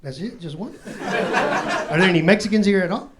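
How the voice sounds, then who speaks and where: A man's voice: sits high, lively intonation, normal speed, very noisy. A man from doing a stand-up comedy set, telling profane, slangy street stories on a club stage. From Chicago, USA. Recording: live comedy club with loud crowd. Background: audience laughing.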